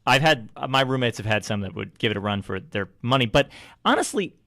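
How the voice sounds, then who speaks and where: A young man co-hosting a talk radio show, making dry, deadpan quips. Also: mid-range voice, brisk, no room sound. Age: young adult. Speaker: co-host, millennial correspondent.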